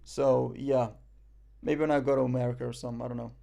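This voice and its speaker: A man's voice: medium pitch, flat delivery, quick pace, creaky, warm tone. A young man from Morocco chatting casually on a live stream, reading the chat and making self-mocking jokes. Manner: joking, self-mocking banter.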